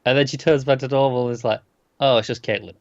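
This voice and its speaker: A man's voice: medium pitch, fairly even intonation, fast talker, dry recording. Wry male podcast co-host, dull sound. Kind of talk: casual chat.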